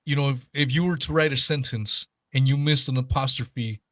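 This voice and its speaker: A man in a casual live chat talking in an animated, mocking way and often restarting his sentences. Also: medium pitch, moderate pace, dry recording, studio quality.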